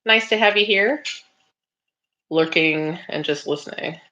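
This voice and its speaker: Her voice sits on the low side, bright and forceful yet unhurried, as she hosts a laid-back craft livestream. She reads viewers' comments out loud and answers them in a chatty way, dropping plenty of ums and laughs, over a lo-fi recording that's a little dull.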